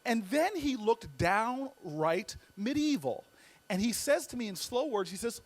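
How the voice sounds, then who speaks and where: At a measured pace, a high-pitched man gives a storytelling speech meant to be funny, appearing as a guest speaker. He's animated and full of comic timing, often repeating words as he works up to a payoff.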